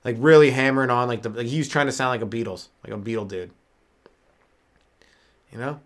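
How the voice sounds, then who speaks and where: A man's voice: mid-range voice, a little fast. A Canadian man hosting a solo comedy podcast, rambling loosely and swearing a lot while short on sleep. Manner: loose, rambling, swears often, laughs at own jokes. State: sleep-deprived.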